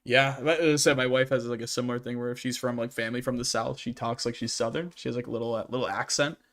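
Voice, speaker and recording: This streamer and channel host is a young man fielding questions on a casual gaming livestream. His medium-pitched voice is fairly bright, with fairly even intonation and a fast delivery, and his talk meanders with frequent restarts and filler words.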